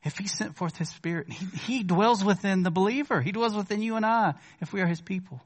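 A male pastor delivers a sermon in a church sanctuary, with a voice a little higher than most men's. He speaks to the congregation like a conversation, rises to emphatic, questioning bursts, then drops to quiet asides. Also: a little fast.

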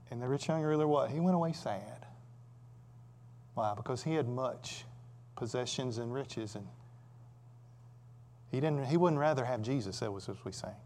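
A male preacher giving a conversational sermon, asking rhetorical questions and swinging between loud emphatic stretches and quiet asides. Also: medium pitch, normal speed, vocal fry, pauses often.

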